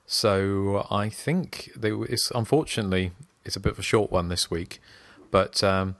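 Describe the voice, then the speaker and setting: A man's voice: fairly low pitch, a little slow, fairly bright tone, dry recording. A man hosting a casual podcast chat, talking in a rambling, chatty way. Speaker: podcast host.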